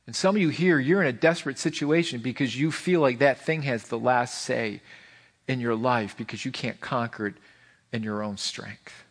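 A man's voice: medium pitch, moderate pace. A man preaching a sermon as pastor, impassioned, with lots of repeated phrases and restarts. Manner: impassioned, repeats phrases, voices God in quotes.

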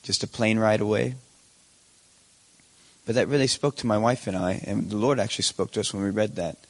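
A man's voice: on the low side, fairly even intonation, a little fast. A young man speaking as a guest missionary preacher, earnest and chatty with a self-deprecating humor. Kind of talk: sermon.

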